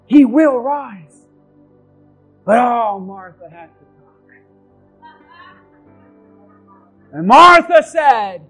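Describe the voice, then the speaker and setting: Man preaching, very high voice, slow deliberate delivery, shouts for emphasis, church sermon, soft music behind. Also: animated. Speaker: pastor.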